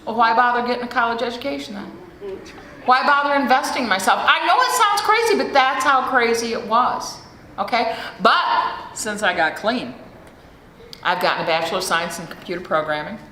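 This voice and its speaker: A woman's voice: on the high side, expressive, normal speed, bright, forceful tone. A middle-aged American woman giving a frank, profane recovery talk at a meeting, speaking into a podium mic in a large hall. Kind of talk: recovery share speech. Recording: echoey hall with faint room noise.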